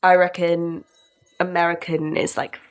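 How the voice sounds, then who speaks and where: A woman co-hosting a podcast while ill, her voice hoarse and rough, chiming in with quick reactions. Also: on the low side, little pitch movement. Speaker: podcast co-host. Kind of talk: casual chat.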